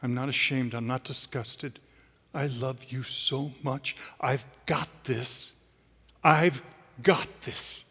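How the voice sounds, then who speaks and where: A preacher voicing a tender, reassuring savior. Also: male voice, medium pitch, fairly even intonation, slightly rough, in a large hall, full character voice. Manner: soft, slow and reassuring. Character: tender, gently smiling adult male savior. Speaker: guest preacher.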